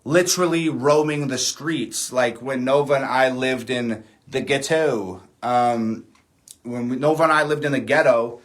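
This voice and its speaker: A man's voice: mid-range voice, a bit bright. A man chatting casually on a livestream, rambling and candid with frequent fillers and the odd curse word. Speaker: livestream host.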